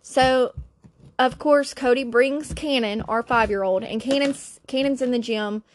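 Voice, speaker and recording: A woman's voice: on the high side, a little slow, slight background noise. Chatty woman podcaster. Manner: chatty, laughing, playful impressions. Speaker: solo podcast host. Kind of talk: casual storytelling chat.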